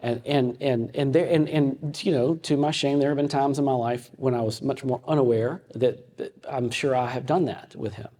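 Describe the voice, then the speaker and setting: Husky man teaching in a reverberant hall. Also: mid-range voice, steady tone, warm tone. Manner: conversational, halting with frequent restarts. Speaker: ministry teacher. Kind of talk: teaching talk with personal stories. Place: meeting room with an audience.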